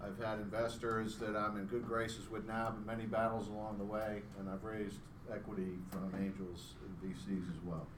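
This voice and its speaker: Middle-aged male founder, casual self-deprecating live pitch; distant mic, faint hum behind. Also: little pitch movement, normal speed, hardly any pauses. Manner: chatty and self-deprecating, joking with the crowd. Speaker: startup founder presenting. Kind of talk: live pitch presentation to an audience. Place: event room with an audience. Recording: roomy sound from a distance, faint background hum.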